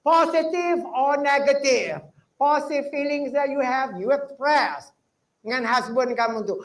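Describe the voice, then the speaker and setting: An older woman from the United States giving a lively motivational lecture to trainee teachers, mixing English and Malay and acting out short dialogues. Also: sits high, measured pace, distant mic, poor audio.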